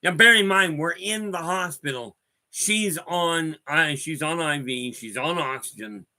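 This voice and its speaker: Hosting a spiritual talk stream, a man with a bright, slightly high voice chats to viewers a little slowly, answering their messages. He rambles through stories and addresses people by name.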